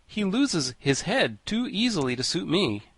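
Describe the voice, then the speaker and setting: A man reading an audiobook and voicing a gruff, quick-tempered wooden sawhorse that grumbles and scorns. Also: sits high, big pitch swings, fairly bright tone, no room sound, pitched above the performer's own voice, exaggerated voice.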